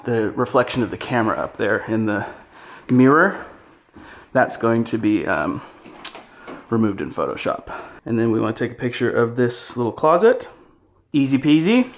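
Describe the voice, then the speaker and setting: A man giving a relaxed, chatty on-location tutorial, talking through each step while he walks through a house. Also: medium pitch. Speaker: real estate photography instructor. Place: indoors walking through a house.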